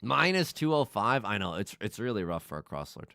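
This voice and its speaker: A man's voice: lowish voice, big pitch swings, brisk, gravelly, pushed and bright, no room sound, clean studio sound. A young man streaming, chatting casually and rambling with self-mocking jokes while he plays. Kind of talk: casual livestream chat while playing. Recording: faint music behind.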